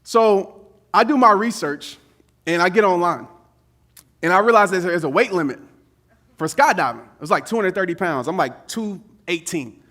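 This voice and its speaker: A man giving a motivational speech to a live audience, telling a personal story in an animated, casual way with slang. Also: high voice, normal speed. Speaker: motivational speaker.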